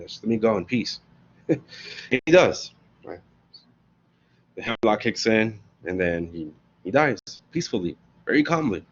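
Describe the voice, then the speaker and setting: Slangy, animated male lecturer, lo-fi sound. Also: on the low side. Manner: animated, slangy storytelling with frequent "right?". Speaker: professor. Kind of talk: casual classroom lecture.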